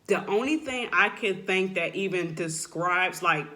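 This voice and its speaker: A woman with a lowish voice gives a heartfelt, unscripted testimony of her faith. Speaking earnestly and haltingly, she fills pauses with "like" and "you know," and at emotional moments her voice drops and softens.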